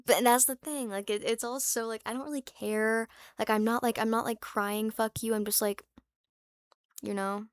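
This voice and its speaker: A woman's voice: on the high side, steady tone, normal speed, pauses often, no room sound, studio quality. A young woman vlogging in casual chat, rambling and candid, with lots of fillers and restarts, swearing freely and sometimes dropping to a whisper for asides.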